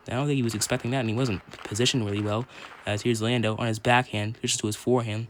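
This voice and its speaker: A young man doing casual play-by-play commentary for an online hockey league on his phone, rambling and correcting himself, then shouting when someone scores. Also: fairly low pitch, fast talker, a little hiss or hum. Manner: rambling, self-correcting, bursts into excited shouts on goals.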